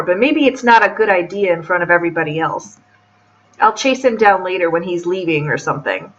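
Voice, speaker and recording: A woman chats through a visual novel playthrough with a snarky, swear-heavy manner at a middling pitch. Her home mic sounds dull and lo-fi. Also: a bit bright. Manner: chatty and sarcastic, swears freely. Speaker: game let's player. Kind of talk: casual let's-play commentary reading a visual novel.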